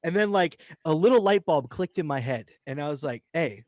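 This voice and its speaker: A man's voice: a little high, brisk, no echo, clean studio sound. A young man, a podcast co-host, telling a story in casual chat and acting out the voices of the people in it. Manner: animated, acts out voices in anecdotes.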